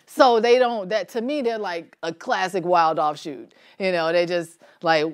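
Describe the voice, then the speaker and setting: A woman leading a church Bible study in a relaxed, conversational way, asking the group questions and laughing easily. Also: mid-range voice, moderate pace, hardly any pauses.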